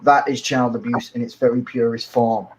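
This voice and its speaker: A man's voice: mid-range voice, fairly even intonation, normal speed, slight background noise, rough recording. A man calling into a live stream, arguing in a pompous, formal manner. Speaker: caller. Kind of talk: heated live-stream argument.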